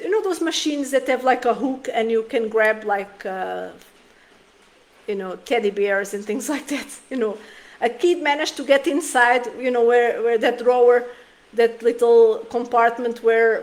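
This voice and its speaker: A woman in her thirties giving an earnest, emotional talk on parenting straight to the camera, often restarting her sentences. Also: fairly high pitch. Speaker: parenting vlogger.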